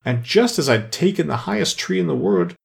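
Storybook figure: a shrill, suspicious mother pigeon, voiced by a man, high and shrieking, with a wildly swooping, accusing delivery and quick complaints about serpents. She sounds put-upon and contemptuous. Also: very animated, gravelly, heavily acted. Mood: aggrieved.

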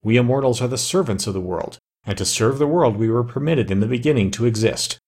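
A man's voice: mid-range voice, lively intonation, a little fast, a little mellow, slightly rough. Ak, a man voicing a solemn forest immortal. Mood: persuasive. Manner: solemn, persuasive pleading. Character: noble male forest immortal, earnest leader.

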